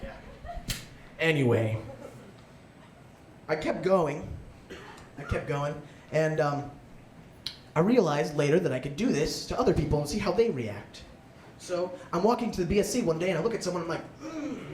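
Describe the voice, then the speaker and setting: A young man performs stand-up, poking fun at himself in a lively, bouncing delivery that leaps into excited inner voices. His voice sits a bit high for a man. The room echoes and a steady noise runs under him. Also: moderate pace, long pauses. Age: young adult. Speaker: student stand-up comic. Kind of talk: stand-up comedy set. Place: live comedy room with audience. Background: audience laughter.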